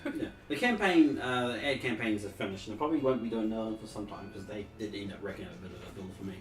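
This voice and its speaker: A man's voice: lowish voice, rapid-fire, slight background noise. Male podcast host, rambling casual delivery, roomy echo, sits back from the mic. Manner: rambling, hesitant, full of fillers. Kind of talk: casual chat. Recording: echoey room, far from the mic.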